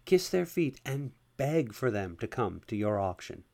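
A man's voice: medium pitch, big pitch swings, measured pace, gravelly, a little mellow, heavily acted. A man voicing a bossy, teasing female police officer in a storybook reading. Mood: smug. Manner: taunting, smug.

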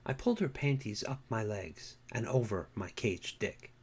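A man, an author, who chats casually in a wry, relaxed way and then reads his own story aloud. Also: lowish voice, moderate pace, slightly rough. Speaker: self-published author reading his story.

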